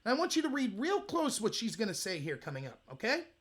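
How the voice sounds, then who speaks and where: High, lively man in sarcastic commentary. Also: fast. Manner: sarcastic, mocking, bursts into loud outrage. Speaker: political commentary show host. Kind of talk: commentary reading out a hearing transcript. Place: home room lit by window.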